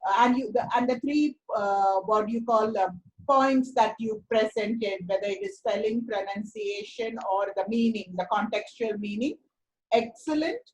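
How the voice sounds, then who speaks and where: A woman's voice: medium pitch, moderate pace, poor audio. A woman teacher, giving encouraging, explanatory feedback to a student in an online seminar. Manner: encouraging, explanatory, repeats words for emphasis. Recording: faint background noise.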